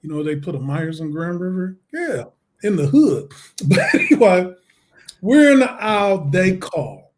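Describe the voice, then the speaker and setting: A man, a guest on an interview show, telling his story in a lively way, acting out the voices and laughing often. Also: high-pitched, a little slow. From Detroit, USA.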